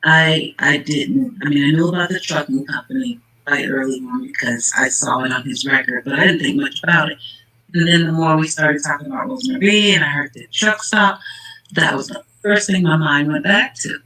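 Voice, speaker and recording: A man's voice: fairly high pitch, brisk, sharp tone, low-quality recording. A man hosting casual true-crime commentary, worked up and emphatic, calling out the people in the case directly. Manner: worked-up, emphatic, talks straight to the people involved. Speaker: channel host.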